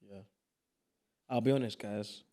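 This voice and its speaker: A young man, a podcast guest in casual, animated chat. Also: on the low side. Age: young adult. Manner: animated, playful, quick bursts of emphasis.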